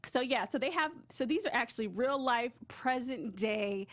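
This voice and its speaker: A woman co-hosting a casual TV recap show, chatty and hesitant with frequent pauses. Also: fairly high pitch, expressive, a bit bright, no room sound. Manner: chatty, hesitant with many ums. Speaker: co-host.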